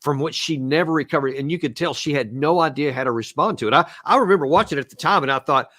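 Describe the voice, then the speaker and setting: A man's voice: fairly high pitch, fast talker, pushed and bright, no echo, studio quality. A man hosting an interview, asking probing questions in a conversational way and chuckling along. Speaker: podcast host.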